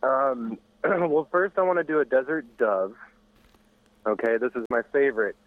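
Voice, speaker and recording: A man's voice: mid-range voice, normal speed, no echo. A man phones in to a radio show, talking casually and stumbling over his words, repeating himself as he goes. His voice comes through a narrow, tinny phone line. It sounds dry and close, with no room around it.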